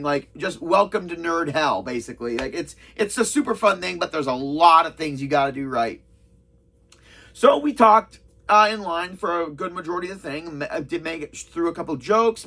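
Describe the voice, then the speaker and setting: A man's voice: sits high, bright, forceful tone. A man telling a convention story in a casual, rambling way, with many restarts and quoted back-and-forth.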